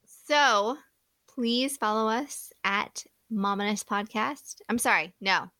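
A woman's voice: medium pitch, takes it slowly, pushed and bright, no echo. Brief: playful woman co-host, keen tone, needling her partner, dry studio sound. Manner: teasing, laughs often. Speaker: podcast co-host. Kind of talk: casual comedic chat.

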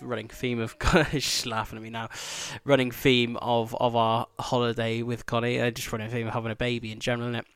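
A man's voice: mid-range voice, flat delivery, a little fast, hardly any pauses, fairly bright tone, clean tone, no room sound. A man hosting a podcast, telling a rambling, sweary travel story with laughing asides. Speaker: podcast host.

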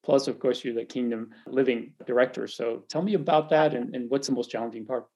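Middle-aged man, podcast host, earnest and encouraging, mellow warm tone. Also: mid-range voice, steady tone, fairly quick. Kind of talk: faith podcast conversation.

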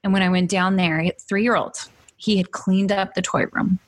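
A woman's voice: mid-range voice, steady tone, moderate pace. A woman guest in a casual interview, chatty and earnest, laughing often as she shares a personal faith story. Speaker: podcast guest.

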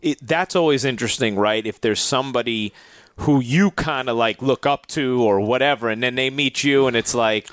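A man's voice: medium pitch, moderate pace, fairly bright tone, no room sound. A man hosting a podcast, upbeat and playful, asking plenty of questions in casual chat. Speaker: podcast host.

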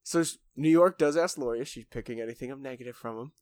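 A man's voice: medium pitch, fast talker, darkish tone, no room sound. A man co-hosting a podcast, casually recapping a reality show, joking and swearing freely. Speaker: podcast co-host.

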